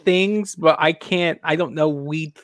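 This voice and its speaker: A man's voice: on the high side, a little slow, dry recording, clean studio sound. A man hosting a casual podcast chat, rambling with many restarts and fillers. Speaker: podcast host.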